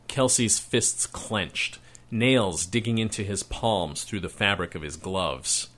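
A man narrating a story aloud in a measured, expressive reading voice. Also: on the low side.

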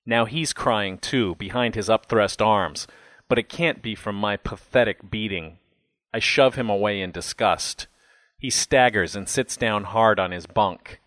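Low-voiced man narrating a story. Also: a bit bright, no echo. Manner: measured, close storytelling with emotional dialogue. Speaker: audiobook narrator. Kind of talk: first-person audiobook narration.

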